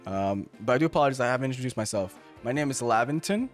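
A man's voice: medium pitch, expressive, fast talker, faint music behind, natural voice. A man reading the dialogue of a genteel, polite male professor aloud with formal, old-fashioned courtesy.

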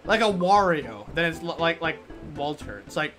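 Brief: lively, expressive woman streaming a game, game music playing under her. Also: low-pitched, normal speed. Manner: animated, swears a lot, yells at enemies. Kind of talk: casual live-stream commentary.

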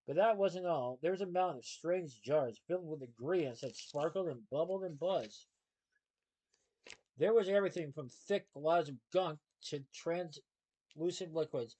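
Slightly high-voiced man reading a story. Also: rough recording. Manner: expressive reading with shifting character voices. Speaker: storybook reader. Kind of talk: reading a children's novel aloud.

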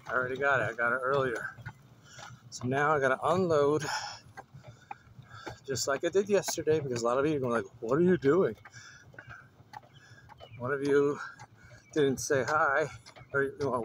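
A medium-pitched man talks casually to his viewers, rambling and laughing a lot as he does yard work outdoors. He's filming on a phone camera in a windy neighborhood yard, with background noise audible.

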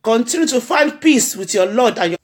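Addressing her followers, a blogger with a Nigerian accent mourns in a sincere spoken tribute, repeating phrases in a sermon-like cadence. Her voice runs a little high and a little fast, and it's animated.

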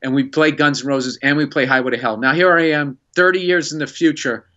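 A man, a stand-up comedian, telling an animated story with laughs. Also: a little high, highs cut off. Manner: animated, laughing, fast-paced anecdote telling.

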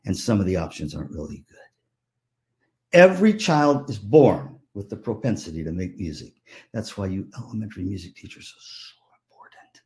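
An older man giving a keynote to music teachers, telling lively anecdotes and acting out the voices of people in them. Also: lowish voice, brisk. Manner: animated, acts out voices in anecdotes. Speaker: keynote speaker. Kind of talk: storytelling keynote. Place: virtual conference talk.

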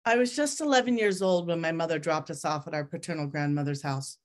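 A woman author reads her own memoir aloud with a low voice. Her delivery is measured and reflective, holding a steady pace through each line. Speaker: author reading her work. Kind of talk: memoir reading at a group reading.

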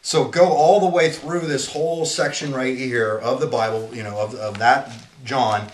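A man's voice: medium pitch, steady tone, normal speed, a little hiss or hum. Earnest man teaching scripture, echoey room. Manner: earnest, rambling, often restarts sentences. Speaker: Bible teacher and businessman. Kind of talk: informal Bible teaching.

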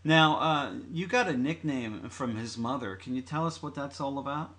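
A man's voice: mid-range voice, normal speed, a bit bright. A man hosting a phone interview, asking questions and giving short affirmations. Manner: brief prompts and affirmations. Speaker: interviewer host.

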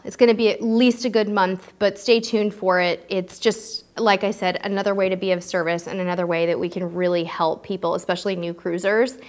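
A woman hosting a live cruise-advice stream, answering viewer questions and thanking supporters in a chatty, heartfelt way. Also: on the low side. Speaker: cruise show host. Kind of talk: live-stream Q&A, casual chat.

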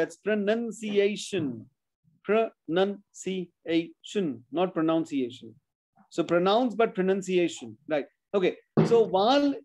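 A man's voice: high-pitched, mellow. A man teaching a spelling class over a video call, explaining rules step by step, correcting students and mixing in Hindi. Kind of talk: online class lesson.

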